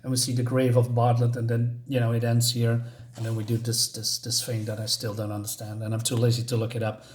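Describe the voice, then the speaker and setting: A man's voice: medium pitch, completely flat delivery, fairly quick. A man reviewing a comic book in a casual vlog, talking hesitantly with many fillers and restarts.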